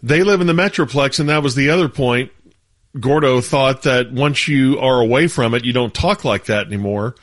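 Man, sports radio co-host, casual rambling chat, mid pitch, dry close mic. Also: normal speed, no room sound.

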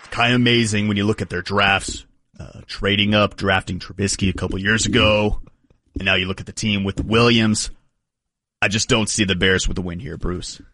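A man's voice: on the low side, fairly even intonation, normal speed, pushed and bright, dry recording. A man co-host giving a pick with dry teasing.

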